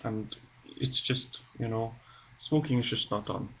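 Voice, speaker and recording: A man's voice: medium pitch, measured pace, gravelly, fairly bright tone, dull audio, a little hiss or hum. A man voicing an earnest male Irishman who exaggerates wildly, in an attempted Irish accent.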